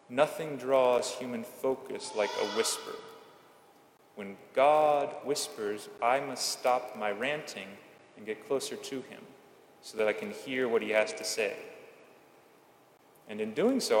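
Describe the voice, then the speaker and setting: A man preaches a homily at Mass in a measured, earnest way, slowing down for emphasis. His voice sits at an ordinary pitch. It rings through a large church with a long reverb, over a faint hum of the room. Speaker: Catholic priest.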